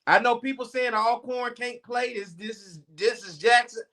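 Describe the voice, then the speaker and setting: A man with a high, bright voice co-hosting a casual sports talk show. He talks in quick, animated banter and gets loud and excitable about his picks.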